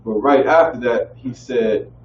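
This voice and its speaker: A student in a scripture class, hesitantly asking a question. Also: male voice, medium pitch, measured pace. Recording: distant, roomy, dull lo-fi audio with faint noise.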